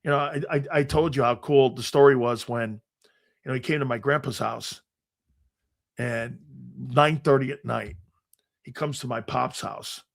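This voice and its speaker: A man's voice: medium pitch, fairly even intonation, a little slow, gravelly. An older man from Connecticut, a sports show host and former player, telling rambling anecdotes in a casual way with lots of restarts and some swearing. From Connecticut, United States. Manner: rambling anecdotes, frequent restarts and fillers, profane.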